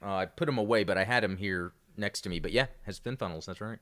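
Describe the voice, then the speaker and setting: A man's voice: on the low side, fast talker, fairly bright tone. A man hosting a casual live-streamed podcast, rambling with many fillers and restarts. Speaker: podcast host.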